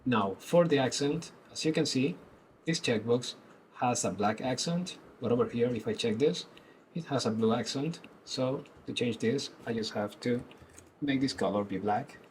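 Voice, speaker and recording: Man calmly explaining a coding walkthrough. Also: medium pitch, normal speed, a little hiss or hum, low-quality recording. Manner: calm, step-by-step explaining. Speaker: tutorial presenter. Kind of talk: screen-recorded coding tutorial.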